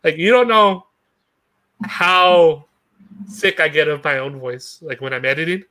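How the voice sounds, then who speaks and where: A man's voice: fairly high pitch, a little slow, pushed and bright. A man chatting casually, rambling with frequent laughs and casual swearing. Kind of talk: casual chat.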